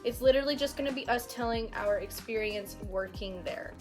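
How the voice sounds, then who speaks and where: A woman's voice: on the high side, fairly quick, music in the background. A young woman hosting a casual chat, talking loosely with fillers and casual swearing. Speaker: host.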